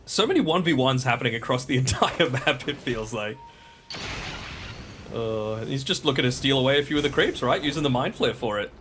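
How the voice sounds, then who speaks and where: A male esports color commentator with an easygoing, chatty delivery and frequent laughs. His medium-pitched voice comes over a live feed with a clear background hiss. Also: lively intonation, brisk, a bit bright. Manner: easygoing analysis, laughs often. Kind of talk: live game analysis.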